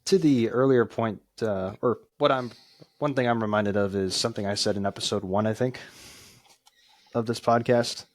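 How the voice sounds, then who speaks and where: A man's voice: fairly low pitch, fairly even intonation, normal speed. A man co-hosting a podcast in casual chat, easygoing and often giving short agreeing replies. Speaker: podcast co-host.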